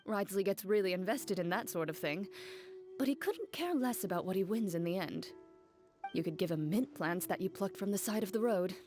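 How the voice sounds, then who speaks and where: A woman playing a composed, blunt young woman who speaks in a calm, matter-of-fact way. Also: medium pitch, brisk, natural voice. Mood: dry. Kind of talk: game dialogue voice acting. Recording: game cutscene with faint music.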